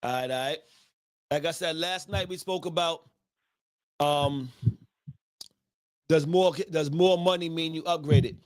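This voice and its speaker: A man's voice: fairly high pitch, unhurried, long pauses. A man hosting a casual livestream talk show, loose and slangy, half-singing his intro. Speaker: host.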